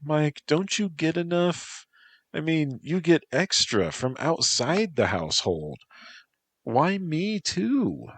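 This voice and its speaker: A man's voice: on the high side, sing-song, slow, breathy edge, dry recording, pitched above the performer's own voice, full character voice. Man voicing a stern female water spirit. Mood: puzzled. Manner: firm, insistent.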